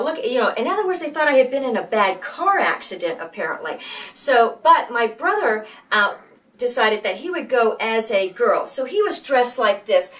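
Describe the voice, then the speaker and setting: A woman's voice: a little high, very animated, moderate pace, fairly bright tone. A woman in her sixties telling a personal story casually, with many fillers and restarts. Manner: rambling, many fillers and restarts, acts out quoted voices. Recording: voice from far off the mic.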